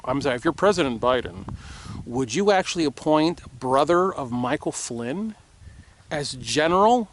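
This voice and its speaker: A middle-aged man with a somewhat high voice rants straight to his viewers in an impassioned monologue. He swings from raised, shouting passages to quiet, hushed apologies, recorded outdoors at a range. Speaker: firearms accessory maker and vlogger. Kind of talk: impassioned political monologue to camera.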